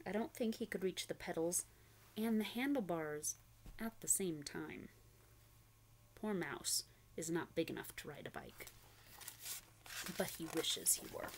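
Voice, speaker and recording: Lively woman reading aloud to preschoolers. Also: medium pitch. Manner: animated, asks the child questions, makes animal noises. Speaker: children's storyteller.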